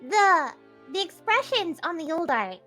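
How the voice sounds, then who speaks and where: A giggly woman hosts a game stream with a very high, bright voice. Her pitch bounces around as she chats and explains the story. Faint music plays underneath. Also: very animated, unhurried. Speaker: streamer hosting a game voice-acting session. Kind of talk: casual chat.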